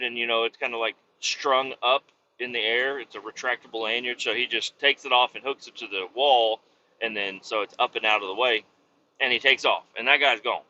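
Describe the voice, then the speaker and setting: A man's voice: medium pitch, normal speed, sharp tone. A man hosting a podcast, casually telling a rambling, profane story about his work as a truck driver. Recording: dull lo-fi with faint noise.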